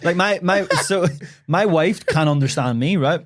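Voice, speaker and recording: A man's voice: fairly high pitch, normal speed. A man with a Northern Irish accent, a podcast guest chatting casually with many restarts and asides. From Northern Ireland. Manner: chatty, frequent restarts and "you know". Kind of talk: casual interview chat.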